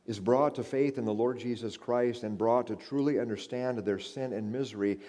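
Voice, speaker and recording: A male pastor preaching a sermon, building to loud, emphatic outbursts and then easing back into a steadier explaining voice. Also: medium pitch, moderate pace. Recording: reverberant hall.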